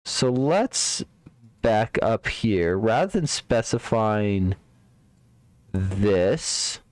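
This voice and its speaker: Slow, muttering man debugging code aloud. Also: lowish voice, expressive, darkish tone. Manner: muttering to himself, trailing off, repeating words. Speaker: live-streaming programmer.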